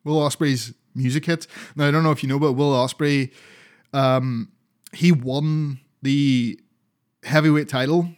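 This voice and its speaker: A man's voice: mid-range voice, fairly even intonation, unhurried. A man co-hosting a podcast, chatting casually about wrestling, rambling, swearing often and laughing a lot. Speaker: podcast co-host.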